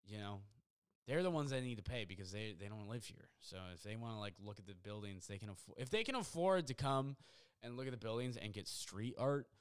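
A young man hosting a podcast alone from his apartment, telling a story in a rambling, excitable way full of fillers. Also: on the low side, a little fast, clear, resonant tone. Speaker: podcast host. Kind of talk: casual storytelling monologue. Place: apartment at home.

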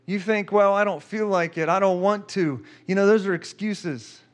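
Man, high voice, sermon testimony, emotional storytelling, repeats phrases. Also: moderate pace. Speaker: preacher.

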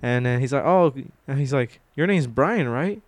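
A man's voice: medium pitch, lively intonation, normal speed, no room sound. A young man co-hosting a casual podcast at home, telling slangy stories with frequent laughs. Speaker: podcast co-host. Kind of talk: casual chat. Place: home room.

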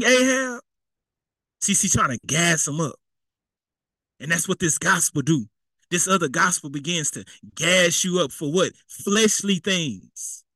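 A man's voice: high voice, bright, forceful tone, no room sound. A man preaching a sermon in a casual, conversational way, repeating himself and throwing in asides. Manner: conversational and repetitive, with spoken asides.

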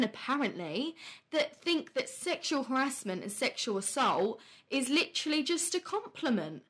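A young woman hosting a podcast, talking casually and bluntly, swearing freely and laughing often. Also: a little high. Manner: quick, heated rants with animated quoted voices. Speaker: podcast host. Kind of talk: casual chat on a live stream.

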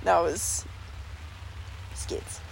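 A young Australian woman telling a story in casual chat, sweary and animated, full of "like". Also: very slow, crowd noise, rough recording. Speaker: podcast co-host. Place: inside a tent.

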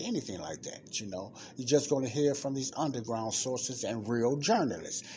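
A man's voice: mid-range voice, sing-song, normal speed, hardly any pauses, a little mellow, slight background noise. A man hosting a church podcast. He reads a report aloud and comments on it, repeating numbers for emphasis and asking listeners rhetorical questions. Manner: talks directly to listeners, asks rhetorical questions. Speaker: podcast host addressing a church audience.

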